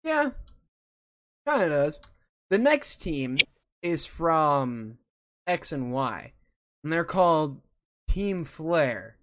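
A show host chatting casually and enthusiastically at a middle pitch. The talk rambles with plenty of fillers. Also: very animated, extremely slow, long pauses, fairly bright tone. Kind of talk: casual chat about video games.

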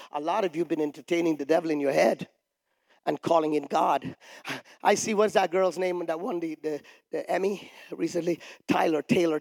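A male pastor preaching a sermon emphatically, with shouted peaks and call-and-response with the congregation. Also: fairly high pitch, creaky. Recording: long reverb of a large hall.

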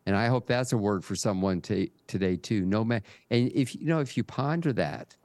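An older man speaks as a podcast guest, with a fairly low voice. He talks in a measured, reflective way, and his voice is recorded close and dry. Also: expressive, a little mellow, no echo. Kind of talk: conversational interview.

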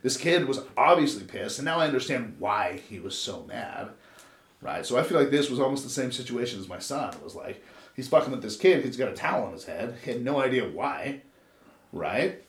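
A man in his thirties from Los Angeles tells a long story in a casual, rambling way, full of swearing and asides. His voice sits at an ordinary middle pitch. The sound is roomy and echoey, like a podcast taped in a bare room. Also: sing-song, fairly quick. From Los Angeles, USA. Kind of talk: casual chat. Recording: roomy echo.

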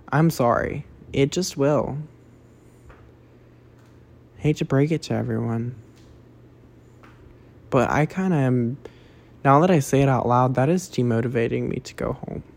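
A man's voice: medium pitch, a little mellow. Young man, solo podcast host, rambling, self-deprecating, stammering restarts, casual cursing.

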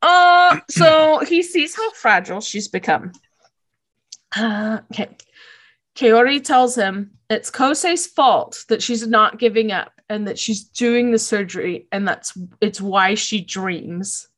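A woman's voice: fairly high pitch, slow, a bit bright. A woman casually recapping episodes of a show, emotional and gushing, laughing often and saying "like" a lot.

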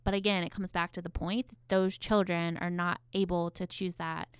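A woman's voice: on the low side, little pitch movement, moderate pace, clear, resonant tone, no room sound, clean studio sound. A woman therapist co-hosting a podcast, talking casually with frequent "um" and "like.". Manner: conversational, hesitant fillers.

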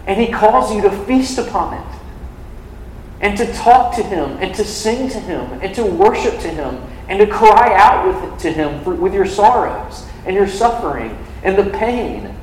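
Young male preacher, casual sermon voice, slightly high, filler-heavy, echoing hall. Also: sing-song, unhurried, slight background noise. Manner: conversational, frequent "like" fillers. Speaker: campus ministry preacher. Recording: echoey hall from a distance.

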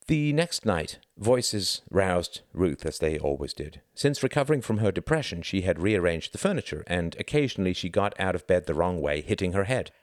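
A man reading a novel aloud as narrator, in a measured storytelling manner. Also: low voice, big pitch swings, dry recording, studio quality. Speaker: audiobook reader.

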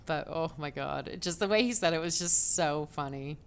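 A woman co-hosting a podcast in casual chat, giggly and animated, laughing often. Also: deep voice, moderate pace, vocal fry, clear, resonant tone. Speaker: podcast co-host.

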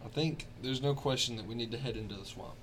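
A man plays a tabletop game in a loose, goofy way, tossing out quick jokes. Steady noise hums under his voice. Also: mid-range voice. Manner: goofy, laughing, quick asides. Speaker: player. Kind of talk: casual tabletop game play.

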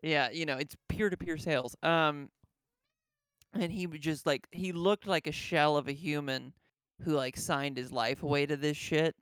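A man's voice: a little high, normal speed, fairly bright tone, smooth, dry recording. Brief: resonant-voiced man spinning wry anecdotes, bone-dry close mic. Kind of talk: casual chat.

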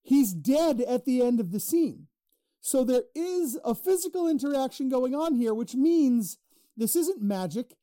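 A man's voice: extremely high pitch, animated, unhurried, mellow, dry recording. A man co-hosting a podcast in casual, profane banter, arguing and laughing, close on the mic. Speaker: podcast co-host.

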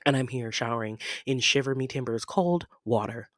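A young woman hosting a casual podcast from home, chatting in a playful, rambling way with sudden loud jumps in pitch. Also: normal speed, no echo, clean studio sound. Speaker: podcast host. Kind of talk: casual solo podcast chat.

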